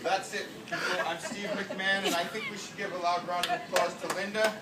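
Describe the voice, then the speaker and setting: A man's voice: high voice, steady tone, brisk, crowd noise. A middle-aged man with a New England accent doing self-mocking stand-up storytelling at a meet-and-greet on a ship, heard from a far camera. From United States. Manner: brash, self-mocking, punchline-driven. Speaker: stand-up comedian. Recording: roomy, distant camera audio with noise. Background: audience laughter.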